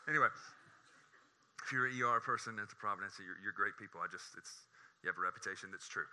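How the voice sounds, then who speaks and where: A man, preaching a sermon and telling a personal story in an animated, conversational way. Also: mid-range voice, very fast. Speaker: pastor.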